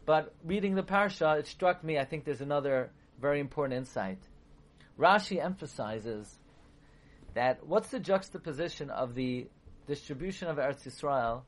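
A man's voice: a little high, moderate pace. Emphatic man giving a Torah lecture. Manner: rhetorical questions, grows emphatic and animated. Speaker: Torah teacher. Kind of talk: Torah lecture on the weekly portion.

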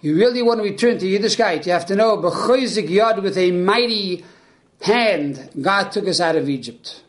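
A man voicing a firm, gentle mother. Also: high voice, lively intonation, normal speed. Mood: counseling. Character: patient, firm mother teaching her son.

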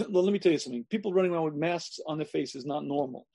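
Emphatic rabbi with a high, mellow voice. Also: male voice, rapid-fire. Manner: emphatic, repeats phrases, clears throat often. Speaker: rabbi giving a lecture. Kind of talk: sermon-style lecture.

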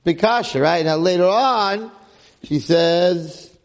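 A man giving an informal, animated Torah class to a group, talking casually and dropping in Hebrew and Yiddish terms. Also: high-pitched, slow pace, a little hiss or hum. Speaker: Torah lecturer.

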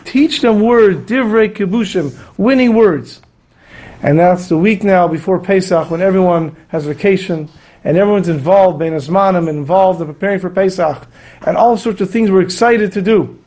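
A man's voice: high-pitched, normal speed, a little mellow. A man giving an earnest Torah lecture, telling stories and acting out the quotes. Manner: earnest, storytelling with acted quotes. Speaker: rabbi teaching a weekly Torah class.

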